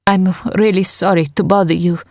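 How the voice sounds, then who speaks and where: A woman's voice: fairly low pitch, little pitch movement, normal speed, darkish tone, no room sound, studio quality. A woman reading a breathless, pleading young woman. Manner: breathless, pleading, overly polite. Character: breathless young woman feigning car trouble. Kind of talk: audiobook character voice.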